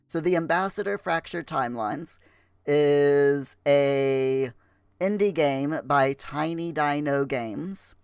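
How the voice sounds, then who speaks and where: A man hosting a game livestream in chatty, halting speech full of fillers, putting on a rough Scottish accent. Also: a little high, no echo. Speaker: livestream host. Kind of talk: casual livestream chat.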